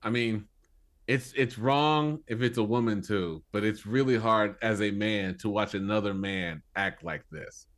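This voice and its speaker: A man's voice: lowish voice, a little slow, fairly bright tone. A man co-hosting a film review podcast, talking casually and earnestly in long running sentences. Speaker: podcast co-host.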